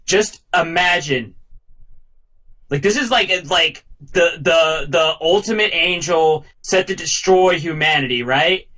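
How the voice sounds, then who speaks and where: A man's voice: on the high side, slow pace, bright, forceful tone. A man co-hosting a podcast in casual chat, rambling and padding his talk with "like". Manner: rambling, filler-heavy, says "like" a lot. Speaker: podcast co-host.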